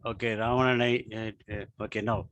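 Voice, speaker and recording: A man tutoring one student casually, halting with many fillers and restarts. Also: mid-range voice, flat delivery, a bit bright, muffled recording. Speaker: language teacher.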